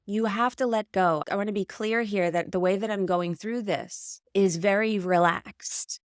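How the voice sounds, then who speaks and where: A woman's voice: medium pitch, steady tone, a little slow, clear, resonant tone, dry recording, studio quality. A woman hosting a solo podcast, talking through her ideas in a reflective, explanatory, conversational way. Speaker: podcast host. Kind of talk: casual solo podcast talk.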